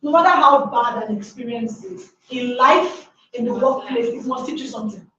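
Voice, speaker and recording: High, emphatic woman speaker. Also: lively intonation, normal speed, pushed and bright, slight background noise. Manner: emphatic, with many rhetorical questions. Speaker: workshop speaker. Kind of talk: motivational talk to a live audience. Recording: echoey room from far off, dull sound.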